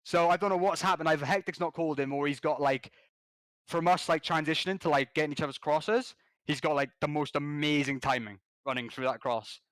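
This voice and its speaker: A man guesting on a podcast, telling a gaming story in an animated, slangy way with quick restarts. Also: fairly high pitch, clear, resonant tone, dry recording. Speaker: podcast guest, competitive gamer.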